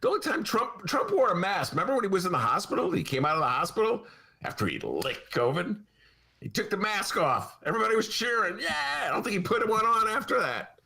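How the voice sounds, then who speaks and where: A man co-hosting a podcast in casual, joking political chat, with big swings in pitch. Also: creaky, breathy edge. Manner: animated, joking, swings his pitch a lot. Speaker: podcast co-host.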